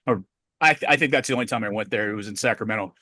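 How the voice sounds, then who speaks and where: A middle-aged man co-hosting a podcast, telling a story in a profane, animated way. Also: fairly low pitch, rapid-fire, dry recording, clean studio sound. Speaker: podcast co-host. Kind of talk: casual podcast chat.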